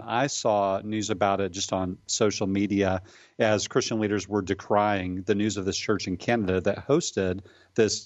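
Man, low voice, thoughtful radio guest, dry muffled lo-fi sound. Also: no echo. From Michigan. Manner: thoughtful, explanatory, with frequent um fillers. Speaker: guest commentator. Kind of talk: radio interview.

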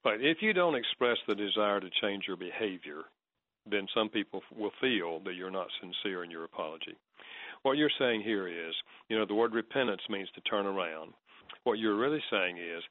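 A man counseling calmly as a radio talk guest, explaining in a relaxed way and quoting others in soft tones. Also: lowish voice, moderate pace, no room sound. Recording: tinny phone line, dry.

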